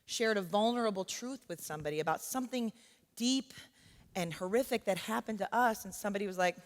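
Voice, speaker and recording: A woman's voice: medium pitch, a little fast. A woman who teaches college gives an earnest, conversational church talk and keeps checking in with her listeners. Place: church sanctuary. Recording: long church hall reverb.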